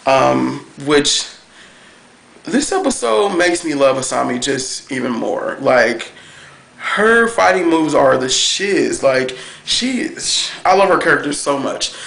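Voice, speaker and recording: A man reviewing a cartoon episode on camera, talking in a gushing, excitable way with plenty of fillers. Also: a little high, slow, gravelly. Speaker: TV review vlogger. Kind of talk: casual chat review. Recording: echoey room.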